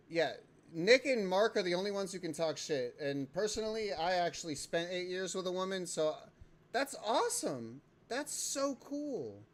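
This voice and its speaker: A young man hosting a casual livestream, swearing often and breaking into loud excited outbursts while he plays a game. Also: high voice. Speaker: livestream host.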